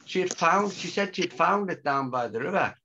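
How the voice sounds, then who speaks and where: A man's voice: fairly high pitch, normal speed, vocal fry. An older man telling a story in a casual interview, acting out what people said and laughing as he goes. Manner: animated, acts out quotes, laughs often. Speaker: storyteller guest. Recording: muffled lo-fi sound.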